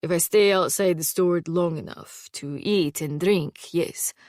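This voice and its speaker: A woman's voice: lowish voice, unhurried, a little mellow, no echo, lightly acted. A woman voicing a stern, formal immortal male swordsman in an audiobook, speaking in a clipped, dry way. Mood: steady, formal. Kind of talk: audiobook character reading.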